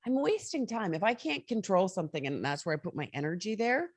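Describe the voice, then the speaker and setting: A woman hosting a morning mindset show, giving a casual motivational monologue in a chatty, animated way with frequent laughter. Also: medium pitch, a little fast, no room sound.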